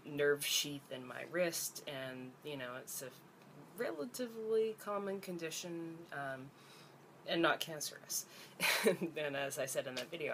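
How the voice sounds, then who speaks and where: A woman's voice: low voice, creaky, a bit bright, slight background noise. A young woman from Ontario, Canada, ranting to camera in a blunt, profane vlog, her voice climbing as she gets exasperated. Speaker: vlogger.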